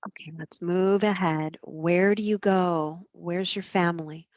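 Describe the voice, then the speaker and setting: A woman's voice: fairly low pitch, steady tone, measured pace, no echo, dull audio. A woman hypnotherapist guiding a past-life regression session with short prompts.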